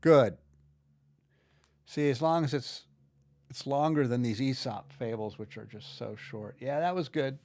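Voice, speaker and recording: Speaking in an unhurried, slightly mellow medium-pitched voice with frequent pauses, an American audiobook narrator and video creator rambles through his computer work. It's a casual screen-recording walkthrough where he thinks aloud and restarts sentences, captured as a dry recording.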